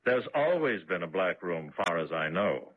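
Detached prison keeper, deep husky voice, slow and unruffled, tinny old radio sound. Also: male voice, sing-song. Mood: cool. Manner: unruffled, matter-of-fact. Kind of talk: 1950s radio drama acting.

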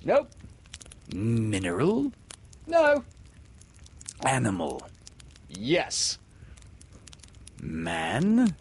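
A man voicing a menacing, scheming pirate captain in a storybook reading, low and gruff. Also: huge pitch swings, drawn-out words, pauses often, full character voice. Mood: suspicious. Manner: interrogating, suspicious.

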